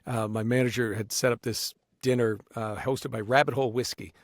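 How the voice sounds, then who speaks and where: A man, a guest voice actor, telling lively anecdotes in casual conversation with frequent restarts. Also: mid-range voice, fairly quick, dry recording, studio quality. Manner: animated storyteller with many restarts.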